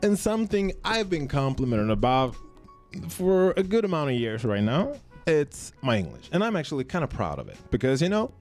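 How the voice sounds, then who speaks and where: A young man from Sweden, a native Swedish speaker, hosting a podcast in a studio, chatting casually in English with quick restarts. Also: a little high, faint music behind. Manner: animated, stammering restarts. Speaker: podcast host.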